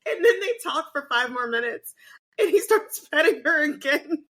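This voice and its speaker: A woman co-hosts a podcast, chatting casually in a high voice at a moderate pace. She tells animated stories, acts out quotes, and laughs often.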